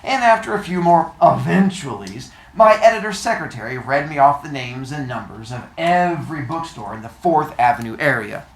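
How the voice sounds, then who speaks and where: Low-voiced woman teacher reading aloud. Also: moderate pace, hardly any pauses, reverberant. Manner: expressive, animated reading with asides. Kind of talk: reading a novel aloud to a class. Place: classroom.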